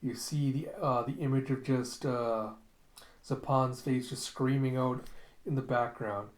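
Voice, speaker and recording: A man's voice: mid-range voice, steady tone, measured pace. A man casually recapping a comic, in a loose, rambling way full of fillers. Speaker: manga recap host. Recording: roomy echo.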